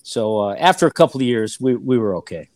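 A man's voice: medium pitch, expressive, brisk, a little mellow, dry recording. An older man looks back on his playing and broadcasting years in an easygoing interview. He circles around his points with fillers and restarts. His voice is close and dry. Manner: rambling, filler-heavy recollection with frequent restarts. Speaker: former player and TV analyst, guest. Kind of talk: relaxed interview storytelling.

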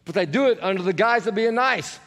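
A man preaching a sermon as pastor, animated and asking the congregation questions, sometimes rising to shouts. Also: high voice, brisk. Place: church sanctuary. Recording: long church reverb.

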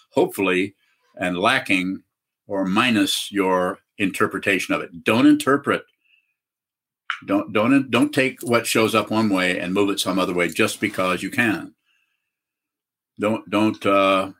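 Low-pitched guy giving a dharma talk over a video call, slow and halting, lots of uhs. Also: a bit bright. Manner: halting, many fillers and restarts. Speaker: Zen teacher.

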